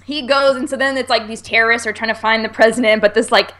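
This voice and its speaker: A woman's voice: a little high, steady tone, quick pace, pushed and bright. A woman co-hosting a podcast, recapping a movie trailer in a rambling, casual way full of "like". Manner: rambling, filler-heavy storytelling. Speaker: podcast co-host.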